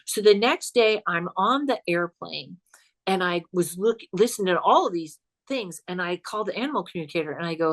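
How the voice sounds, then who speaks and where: A woman's voice: fairly low pitch, fairly quick. Chatty woman spinning a ghost story. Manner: animated, chatty, laughs while telling. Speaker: guest, psychic comedian. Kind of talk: casual storytelling chat.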